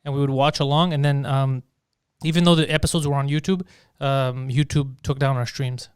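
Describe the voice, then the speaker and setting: A man's voice: mid-range voice, fairly even intonation, brisk, clear, resonant tone, no echo, studio quality. A man co-hosting a comedy podcast, chatting casually and loosely, swearing and acting out quotes in put-on voices. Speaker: podcast co-host.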